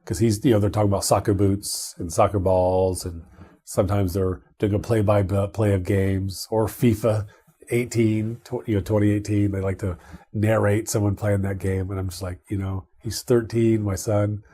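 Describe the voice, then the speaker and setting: Dark husky-voiced man, rambling tech chat. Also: fairly low pitch, flat delivery, normal speed. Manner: rambling, many restarts and fillers. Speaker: podcast co-host.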